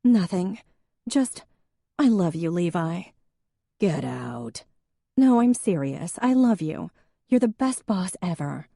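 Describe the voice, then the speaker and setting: Woman narrator doing the young deputy: earnest, emotional, warm low tone, close and dry. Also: very animated, slow pace, creaky, long pauses, no room sound, heavily acted. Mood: effusive. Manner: earnest, emotional, a little raised. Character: earnest, self-doubting young female deputy.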